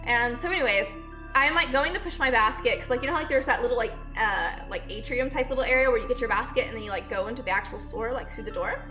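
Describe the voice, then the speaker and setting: A sick, breathless woman talks casually to her live chat in a bright, fairly high voice, stopping mid-story to greet viewers by name. Faint music plays behind her. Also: fast talker. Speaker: streamer and nurse.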